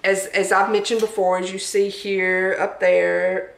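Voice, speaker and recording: A woman's voice: mid-range voice, little pitch movement, measured pace, creaky, echoey room, rough recording. A woman with a Southern accent chatting casually at home, showing off her thrift store finds in a homey, talkative way. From Southern United States. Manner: chatty, homey, laughs at herself. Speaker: thrift haul vlogger. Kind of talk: casual show-and-tell chat. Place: home dining room.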